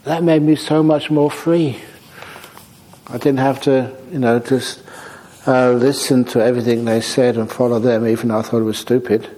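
Male monk, dharma Q&A, warm mellow tone, humorous and unhurried storyteller. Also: mid-range voice, fairly even intonation, low-quality recording. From Australia. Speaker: Buddhist monk answering audience questions. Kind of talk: dharma talk, question and answer.

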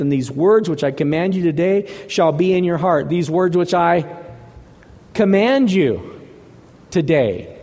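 A man preaching a sermon as a pastor, emphatic, moving between hushed retelling and forceful exhortation. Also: on the high side, in a large hall.

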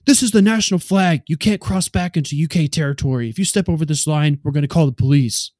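A man voicing a bossy bearded airport worker who shouts orders and rules. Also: fairly high pitch, unhurried, no echo, studio quality, lightly acted. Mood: yelling. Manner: loud, bossy, pointing out rules.

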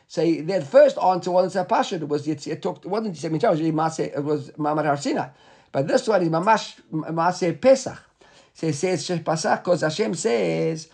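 A man with a high, husky voice teaches a Talmud class. He reads out the Hebrew and Aramaic phrases and then explains each one in plain English. Rhetorical questions keep the lesson moving. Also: fairly quick. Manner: rhetorical questions, repeated "right?".

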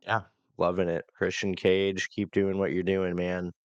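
A man co-hosting a casual wrestling review, relaxed and hesitant with many fillers. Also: low voice, unhurried, no room sound, dull audio. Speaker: podcast co-host.

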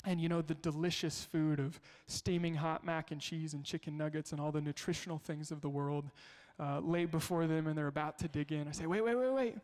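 Pastor, male, fairly high voice, storytelling sermon with rhetorical questions, echoing in a big hall. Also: flat delivery, brisk, few pauses, a little mellow. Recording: long hall reverb.

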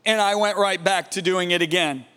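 A man preaching a sermon, telling a story dramatically and dropping to a hushed, awed tone. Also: high-pitched, normal speed, clean tone, big-room sound. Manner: dramatic, swings from loud emphasis to hushed awe.

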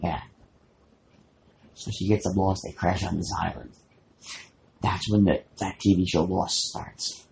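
Gravelly, profane man telling a rambling story. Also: low-pitched, level tone, measured pace, pauses often, darkish tone, slight background noise. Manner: profane, rambling, sarcastic retelling. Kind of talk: casual comedic chat.

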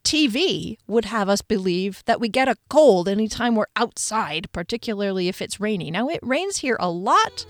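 Woman narrator, expressive story reading with chatty author asides, mid pitch, dry close sound. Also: moderate pace, hardly any pauses, no echo. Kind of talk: audiobook-style story reading.

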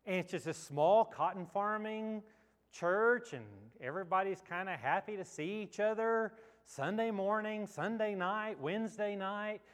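A man's voice: high voice, measured pace, clean tone. A man pastor giving a sermon, telling a story in a conversational, reflective way. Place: church sanctuary. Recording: long church hall reverb.

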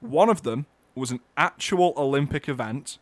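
A man co-hosting a comedic radio show, joking in a dry, playful, deadpan way. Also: mid-range voice, moderate pace, no echo. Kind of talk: comedic casual chat.

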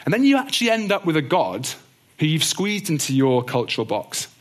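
Bible teacher, male, slightly higher voice, earnest and gentle delivery. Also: sing-song, fairly quick. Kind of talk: teaching talk on doctrine.

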